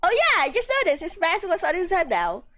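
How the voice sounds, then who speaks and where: Lively high-voiced woman streamer. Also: a little fast. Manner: lively, giggly, reads with animated voices. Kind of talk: game playthrough, reading dialogue aloud. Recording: faint game music behind.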